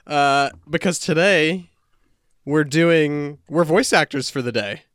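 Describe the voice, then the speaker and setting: A man's voice: on the high side, a bit bright, dry recording, clean studio sound. A young man co-hosting a podcast, chatting in a playful, upbeat way. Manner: playful and upbeat, quick to laugh. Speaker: podcast co-host. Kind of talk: casual podcast banter.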